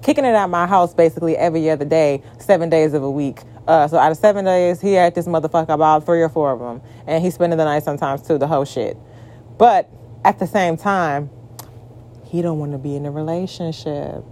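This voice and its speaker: Animated profane young woman ranting. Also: brisk. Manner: animated, profane, exasperated, shifts into shrill mock outbursts. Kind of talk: casual storytime rant.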